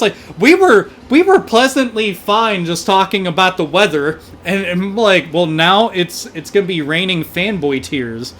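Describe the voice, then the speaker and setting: A man hosting a gaming livestream, ranting in animated, profane casual chat and thanking donors. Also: sits high, unhurried, few pauses, slight background noise.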